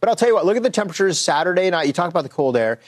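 Animated man in weather banter. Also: sits high, rapid-fire. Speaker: meteorologist. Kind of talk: conversational weather forecast.

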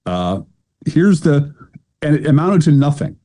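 A man's voice: fairly high pitch, big pitch swings, measured pace, dark tone. A middle-aged man co-hosting a podcast, chatting casually with wry, sardonic storytelling. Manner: wry, sardonic storytelling, does mocking voices. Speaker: podcast co-host. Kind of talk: casual chat.

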